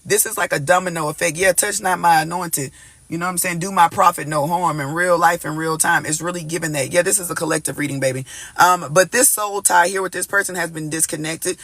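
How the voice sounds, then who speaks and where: Animated, bright-voiced man giving a tarot reading. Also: fairly high pitch, brisk, dry recording. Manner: animated, emphatic, repeats "y'all" and "like" constantly; breaks into snatches of gospel song. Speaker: tarot reader. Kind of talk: casual collective tarot reading.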